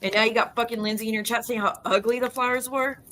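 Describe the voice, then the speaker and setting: A woman's voice: fairly high pitch, fairly even intonation, sharp tone, a little hiss or hum. A woman YouTube creator ranting heatedly to her viewers, swearing and cutting herself off mid-sentence. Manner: heated, profane, rapid restarts and self-interruptions.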